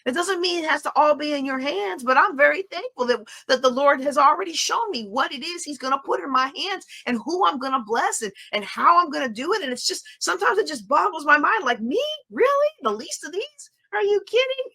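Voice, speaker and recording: A middle-aged woman leads a faith-based lesson in a high, bright voice. She speaks emphatically, often repeating a phrase to drive her point home. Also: lively intonation, a little fast, vocal fry, few pauses. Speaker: Bible study teacher. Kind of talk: faith-based teaching talk.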